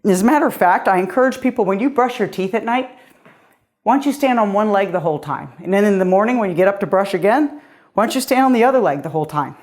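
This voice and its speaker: A woman's voice: mid-range voice, lively intonation, quick pace, a little mellow. A middle-aged woman coaching a cardio workout with an upbeat, encouraging voice. She sounds a little out of breath as she keeps moving and cheers the listener on. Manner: upbeat, encouraging, counting down reps. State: slightly out of breath. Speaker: fitness coach. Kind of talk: guided workout instruction.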